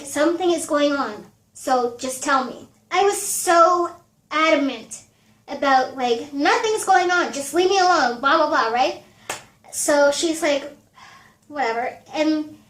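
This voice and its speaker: A young woman in her twenties vlogging a casual storytime, animated and full of fillers and swearing. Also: high voice, takes it slowly, reverberant.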